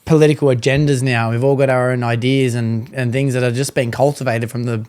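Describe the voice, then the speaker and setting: Fast-talking slangy podcast host man. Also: medium pitch, level tone, a little mellow, smooth. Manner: slangy, says bro a lot, reacts with laughs. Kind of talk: casual chat.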